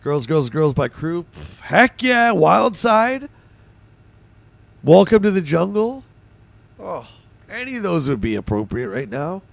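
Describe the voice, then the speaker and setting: A man hosting a livestream in casual chat, his voice hoarse and gravelly, bantering excitably with his viewers. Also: fairly high pitch, measured pace, long pauses. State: hoarse, voice going. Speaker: livestream host.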